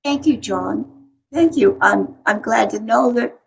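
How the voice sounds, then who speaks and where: Gravelly-voiced woman in her eighties. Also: on the high side, slow, a little hiss or hum. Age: 80s. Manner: chatty storyteller, frequent restarts. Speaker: veteran actress, guest. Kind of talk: casual interview chat.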